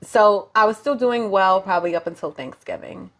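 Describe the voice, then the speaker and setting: A woman's voice: mid-range voice, normal speed. A woman co-hosting a podcast in casual chat, joking, laughing often and trailing off with fillers. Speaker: podcast co-host.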